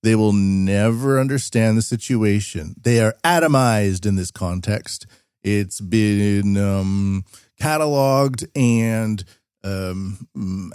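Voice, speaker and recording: A man's voice: lowish voice, a little mellow, clean tone, dry recording, clean studio sound. A man hosting a solo podcast, rambling through opinions in a casual, opinionated way and mimicking the people he meets. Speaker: podcast host. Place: lives and works in Japan.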